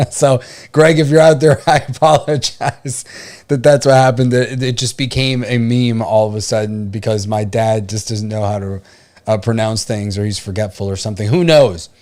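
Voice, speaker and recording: A man's voice: medium pitch, fairly even intonation, normal speed, darkish tone. A man from Puerto Rico hosting a casual livestream show, rambling with frequent laughs and fillers. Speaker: podcast host.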